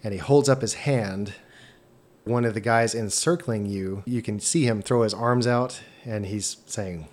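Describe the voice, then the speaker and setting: A man's voice: lowish voice, a little slow, darkish tone. A man narrating a tabletop game as game master, descriptive and sometimes stumbling over his words.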